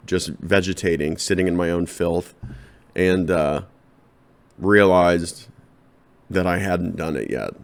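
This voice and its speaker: A man with a very deep, low-pitched voice rambles through a comedic solo podcast monologue. His delivery is deadpan and loose, and he addresses his listeners directly. He talks into a podcast microphone. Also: creaky.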